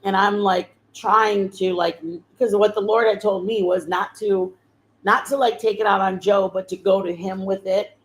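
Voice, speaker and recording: A woman's voice: medium pitch, fairly even intonation, normal speed, poor audio. A woman hosting her channel, telling a personal testimony in a rambling, heartfelt way with many fillers and restarts. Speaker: channel host sharing a testimony. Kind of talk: emotional personal storytelling.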